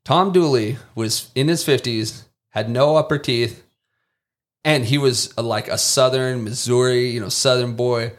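A man's voice: mid-range voice, measured pace. Man telling war-zone stories casually. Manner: lively anecdotes, mimics people he quotes, casual swearing. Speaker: podcast guest. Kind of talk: casual storytelling.

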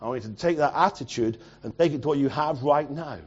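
A man delivers a sermon in a slightly high voice, rising to loud, urgent exhortation and then dropping to quiet asides. The recording is muffled and lo-fi. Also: fast talker, slightly rough. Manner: swings from loud urgent preaching to quiet near-mutter. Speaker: pastor.

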